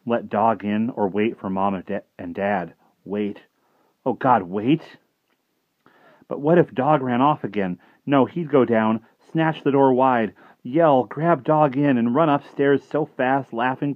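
A man giving an expressive, dramatic story reading that drops to a hush at dark moments. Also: medium pitch, no echo. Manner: expressive, dropping to hushed tones at dark moments. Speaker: reader. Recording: dull lo-fi dry recording.

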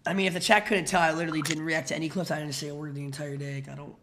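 Young man, fairly high voice, casual stream chat, flustered fast talk, faint keyboard typing behind. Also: little pitch movement, fairly bright tone, slight background noise.

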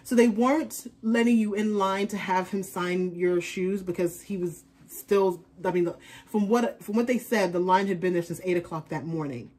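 A woman's voice: medium pitch, moderate pace, darkish tone. A woman chatting casually in an unboxing vlog, rambling on as a fashion vlogger.

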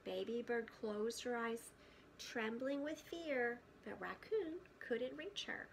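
Slow gentle woman reading a picture book. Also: fairly high pitch, gravelly, slight background noise. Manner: gentle, often hushed, pausing to ask the children questions. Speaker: preschool teacher.

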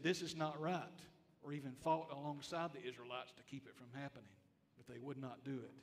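A man delivers a sermon from the pulpit, his voice high-pitched and bright. He presses each point by repeating it and quizzing the congregation. The church hall carries a long reverb behind him. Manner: emphatic, repeats phrases, asks the congregation questions. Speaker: pastor. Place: church sanctuary.

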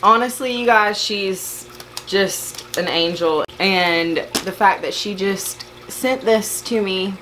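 A woman's voice: mid-range voice, takes it slowly, noisy background. A woman vlogging a plant unboxing, gushing and overwhelmed with emotion as she talks to her viewers. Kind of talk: casual unboxing vlog.

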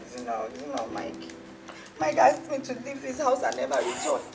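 An actress with a Nigerian accent playing a desperate, jilted young woman who stammers, pleads and bursts into loud crying. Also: extremely low pitch, huge pitch swings, a little fast, music in the background, full character voice. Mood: pleading. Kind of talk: Nollywood film acting.

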